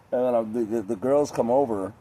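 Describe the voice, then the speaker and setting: A man's voice: medium pitch, mellow. A young man rambling casually in a laid-back, profane, chatty way with lots of fillers.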